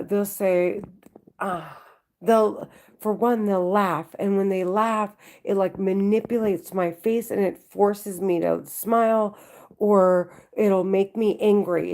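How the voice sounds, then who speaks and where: A woman talking to the camera at home, halting and repetitive, often restarting her sentences. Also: medium pitch, a little mellow, a little hiss or hum. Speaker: vlogger.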